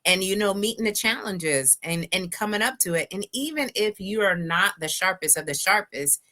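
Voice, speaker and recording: A woman's voice: medium pitch, lively intonation, moderate pace, pushed and bright. A woman hosting a live talk show, chatting emphatically and keeping the conversation moving.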